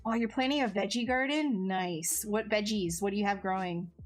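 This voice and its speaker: A woman's voice: medium pitch, moderate pace, soft background music. A woman chatting casually on a live stream while she sculpts, answering viewers in a self-mocking way that often trails off and restarts.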